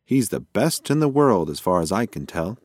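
A man's voice: fairly low pitch, big pitch swings, moderate pace, a little mellow, no echo, clean studio sound. A man voicing a playful, evasive older male mouse uncle with a cheerful, whimsical manner.

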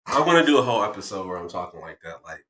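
A man's voice: low voice, very animated, rapid-fire, a bit bright, reverberant, a little hiss or hum, poor audio. A young man hosting a podcast, playful and teasing in casual, slangy chat. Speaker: podcast host.

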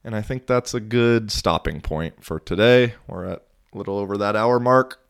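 A man's voice: on the low side, moderate pace, gravelly, clean tone. A young man hosting a casual solo podcast, telling a story in a laid-back, rambling way with casual swearing, sounding a little tired. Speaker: podcast host.

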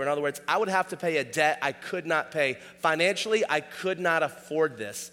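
A man's voice: fairly high pitch, a little fast, few pauses, sharp tone, big-room sound. A man preaching a sermon in a casual, conversational way, often asking "all right?". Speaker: pastor.

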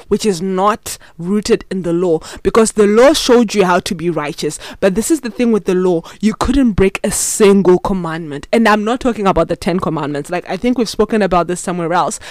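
A relaxed teacher talks through scripture alone, reading passages and explaining them in an easy, conversational way. The delivery rambles and self-corrects over tricky words, with bursts of excitement. The sound is dry and close, with no room echo. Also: medium pitch. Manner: chatty, thinks aloud, often stumbles over words. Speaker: Bible study teacher. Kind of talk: casual solo Bible study recording.

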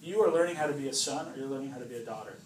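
Rapid-fire and medium-pitched, a preacher rattles through an informal sermon for a small group, chatting, joking, acting out voices, and frequently asking "right?" The recording is roomy and distant, with background noise.

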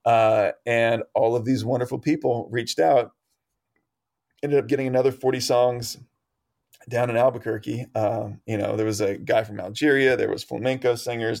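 Male guest, mid pitch, loose rambling storyteller, laughs a lot. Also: creaky. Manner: rambling, animated, laughs often. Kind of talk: casual storytelling interview.

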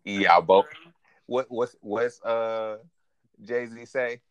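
Male podcast co-host, very deep voice, animated storyteller who laughs a lot; dry close recording. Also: extremely slow, smooth, dry recording, dull audio. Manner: animated, laughs often, quotes characters in raised voice. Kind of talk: casual anime recap chat.

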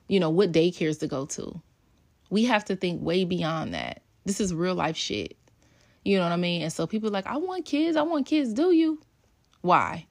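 Woman podcast host, 30s, frank casual talk, gravelly edge. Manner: candid, conversational, swears freely, quotes her kids in higher voice.

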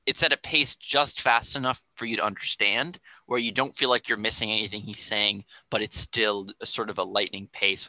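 A man's voice: on the low side, sharp tone, no room sound, rough recording. A man in a casual podcast conversation, explaining rap to the host in a thoughtful way. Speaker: guest explaining rap music.

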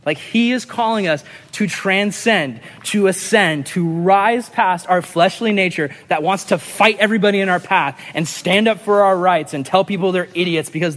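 A man preaching a sermon in an earnest, conversational way, often repeating a line for emphasis. His voice sits somewhat high for a man, and it rings with the long reverb of a large hall. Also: a bit bright. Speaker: pastor.

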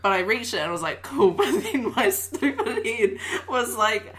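A woman's voice: a little high, normal speed. Young woman, chatty storyteller, laughs a lot, acts out voices. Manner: laughs often, animated quoting with cries. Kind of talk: casual storytelling among friends.

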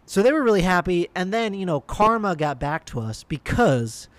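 A man's voice: sits high, sing-song, moderate pace, no echo. Rambling man telling a casual anecdote. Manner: rambling, full of restarts and fillers.

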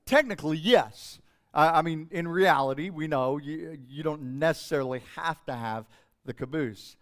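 A man's voice: a little high, normal speed. A middle-aged male pastor preaching a sermon in an emotional, emphatic way that keeps rising and falling.

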